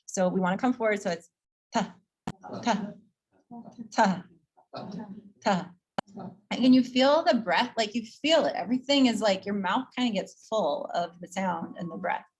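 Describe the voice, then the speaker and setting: A woman teaching Sanskrit pronunciation to a class in a casual, chatty way. She repeats each sound slowly so students can copy it, laughs easily and is upbeat. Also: mid-range voice, expressive, husky. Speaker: yoga teacher training instructor.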